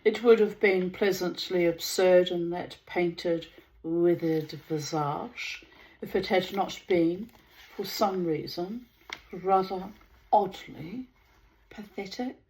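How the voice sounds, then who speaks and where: A woman reading a story aloud in a measured way, lingering over words. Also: on the low side, darkish tone, rough recording. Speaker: reader of a story.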